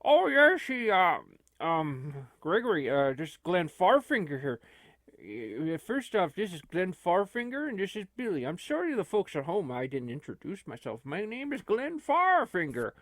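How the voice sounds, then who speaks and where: A man's voice: high voice, huge pitch swings, normal speed, a bit bright, dry recording, full character voice. A man voicing a bumbling woodsman host who hesitates and fills his talk with "uh" in comic role-play. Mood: eager. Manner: hesitant, filler-heavy.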